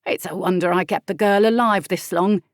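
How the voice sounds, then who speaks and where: A woman's voice: on the low side, moderate pace, no room sound, clean studio sound, close to an everyday voice. A woman narrator voicing a bitter, scowling poor old grandmother who speaks with a thick accent in an audiobook. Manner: harsh, complaining, thick-accented. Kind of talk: audiobook character voice.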